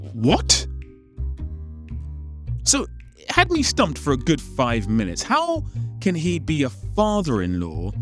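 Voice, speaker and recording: A man delivers a comedic film-critique voice-over, sounding endlessly exasperated and incredulous. His voice leaps wildly between low grumbles and high squeaks, sitting a little above average pitch. Soft music plays underneath. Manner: exasperated, incredulous rhetorical questioning. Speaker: film commentator.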